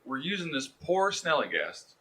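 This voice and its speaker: Bright-voiced man, joking podcast co-host. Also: on the high side, sing-song, moderate pace, slightly rough. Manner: jokey, digressive storyteller. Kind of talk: casual chat.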